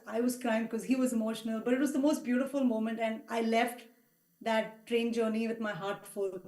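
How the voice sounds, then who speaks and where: A middle-aged woman giving a heartfelt devotional testimony, telling personal stories with many pauses and fillers. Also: fairly high pitch, a little mellow. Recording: echoey hall sound.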